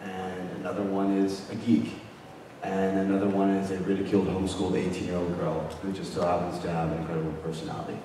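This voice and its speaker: A man moderating a panel, brisk and affable, calling on questions and explaining things. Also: deep voice, completely flat delivery. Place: large convention hall. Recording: echoey hall from far off, noisy.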